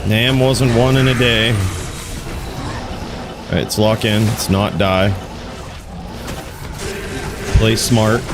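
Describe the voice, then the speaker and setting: A man's voice: on the low side, little pitch movement, slow, long pauses, music in the background. A man streaming a video game, chatting casually with viewers, laid-back and swearing freely. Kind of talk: casual gaming commentary.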